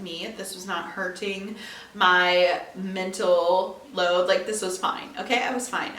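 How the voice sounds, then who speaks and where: A young woman podcast host from northeast Iowa talks in a lively, chatty way and laughs often. Her voice sits at a middle pitch. She is a little far from the mic, and the room adds a noticeable echo. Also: slight background noise. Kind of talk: solo podcast monologue. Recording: roomy echo, mic a bit distant.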